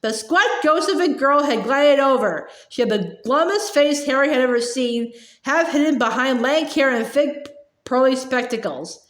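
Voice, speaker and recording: A woman's voice: high voice, expressive, normal speed, a bit bright. A woman reading a storybook aloud, sometimes tripping over and repeating words. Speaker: audiobook reader. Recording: echoey room.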